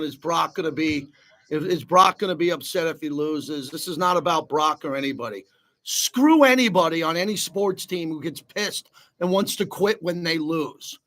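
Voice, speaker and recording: A man's voice: sits high, a bit bright. A man hosting a sports talk radio show, ranting bluntly and with heat.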